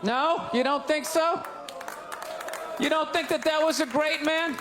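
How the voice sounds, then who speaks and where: Boston accent man, stand-up comic, very high-pitched shouty rant, live crowd laughing faintly behind. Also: a little slow, background noise. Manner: loud, exasperated ranting with sudden shouts. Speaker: stand-up comedian. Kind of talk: stand-up comedy set. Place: live comedy stage before an audience. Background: audience laughter.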